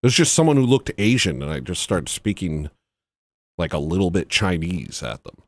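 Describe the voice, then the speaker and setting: A man's voice: deep voice, sing-song, normal speed, slight background noise. A man hosting a livestream, rambling and joking in a self-mocking, comedic rant. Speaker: livestream host.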